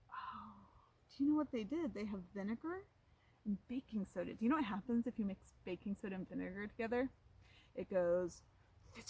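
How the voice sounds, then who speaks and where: A woman reading a picture book aloud to children, pausing to ask them questions in an animated way. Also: medium pitch, husky. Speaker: storytime reader.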